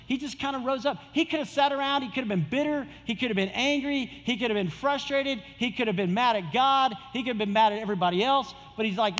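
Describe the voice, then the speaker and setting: A man's voice: extremely high pitch, fast talker, hardly any pauses, fairly bright tone, long reverb tail. A male pastor preaching a sermon in a casual, conversational way, repeating his key phrases.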